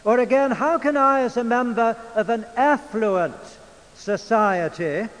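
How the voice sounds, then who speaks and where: An older man with an English accent preaching a sermon in a church, in a measured, emphatic manner. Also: very high-pitched, fairly bright tone. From England. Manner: measured, emphatic delivery with drawn-out phrases. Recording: long church reverb.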